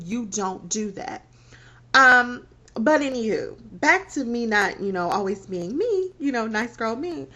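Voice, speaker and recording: A woman in her thirties frankly telling a personal story on her vlog, animated and laughing between phrases. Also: fairly high pitch. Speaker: vlogger. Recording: dull lo-fi recording.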